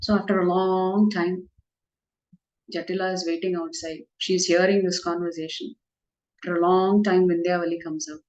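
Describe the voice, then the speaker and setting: A woman's voice: on the low side, little pitch movement, normal speed, a little mellow. Woman telling a devotional story. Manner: conversational, with fillers and light laughs. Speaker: devotional class speaker. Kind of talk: storytelling religious talk. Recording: echoey room.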